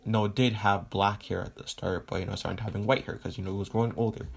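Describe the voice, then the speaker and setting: A man's voice: fairly low pitch, fairly even intonation, fast, vocal fry. A man telling a fan story in a casual, rambling way with lots of fillers and swearing.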